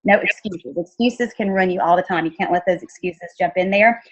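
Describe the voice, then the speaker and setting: A woman's voice: lowish voice, brisk, noisy background. A woman chatting casually and upbeat, acting out the people she quotes. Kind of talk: casual chat. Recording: dull lo-fi audio.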